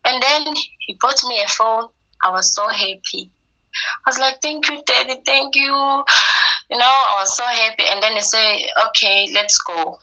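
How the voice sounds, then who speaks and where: A woman's voice: a little high, normal speed, rough recording. A woman telling a personal story, acting out the things people said to her. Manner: quotes herself and others in a lively retelling.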